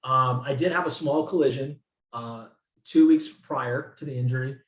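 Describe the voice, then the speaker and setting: A man from the San Francisco Bay Area, a guest in an interview, telling his story in an animated, profane way and acting out what people said. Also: mid-range voice, normal speed. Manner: animated, profane, acts out quotes. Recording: roomy echo.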